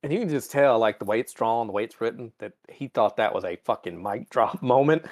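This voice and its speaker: Casual, foul-mouthed banter comes from a male podcast co-host who regularly puts on mocking voices. His pitch is medium and his pace brisk.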